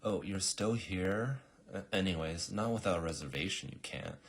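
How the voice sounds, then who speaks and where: A man's voice: deep voice, normal speed, slightly rough. A man voicing a polite female clerk who talks in sugary customer-service tones. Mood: chirpy polite.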